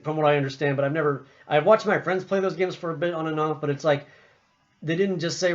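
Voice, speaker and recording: A man's voice: fairly high pitch, steady tone, fast. A man giving a casual opinion monologue about a video game, rambling with frequent restarts and fillers. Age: adult. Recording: muffled lo-fi recording.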